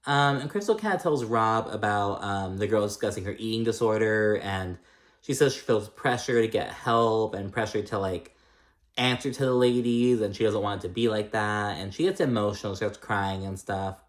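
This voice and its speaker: A man's voice: fairly low pitch, moderate pace. A young man casually recapping a reality show, chatty and rambling, swearing freely and acting out what others said. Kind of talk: casual chat.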